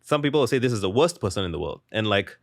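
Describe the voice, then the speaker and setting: Young guy kinda low voice, rambly, says like a lot, dry room. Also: big pitch swings, rapid-fire, dry recording. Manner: rambling, heavy use of "like", restarts mid-thought. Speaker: guest author. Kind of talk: casual interview talk.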